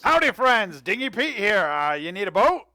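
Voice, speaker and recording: A man's voice: sits high, big pitch swings, moderate pace, bright, forceful tone, no room sound, clean studio sound, pitched above the performer's own voice, heavily acted. A man doing a pushy, eager old-timey boatman. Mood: eager, folksy. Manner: eager salesman patter. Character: folksy, pushy male dockside boatman.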